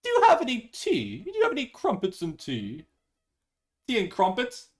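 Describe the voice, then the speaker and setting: A man voicing a clumsy mock-British young man in a weak put-on British accent, halting as he goes. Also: very high voice, huge pitch swings, pitched above the performer's own voice, heavily acted. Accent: put-on British accent impression, weak. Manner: halting, breaking into laughter.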